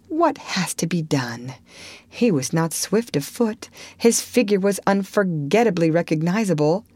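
A woman narrating a classic children's story aloud in an expressive reading. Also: lowish voice, dry recording. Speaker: audiobook narrator.

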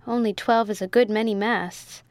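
A woman's voice: mid-range voice, steady tone, moderate pace, no echo, close to an everyday voice. A woman reading a story aloud, voicing a meek young male ship's mate who stammers politely.

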